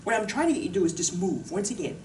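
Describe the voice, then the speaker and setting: Woman, fitness instructor, bubbly and joking, lively pitch, echoey room, faint noise. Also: very fast, far from the mic. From Pacific Northwest of the US. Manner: bubbly, jokey, chatty. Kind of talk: casual exercise demonstration. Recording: roomy echo, voice from off the mic, faint noise.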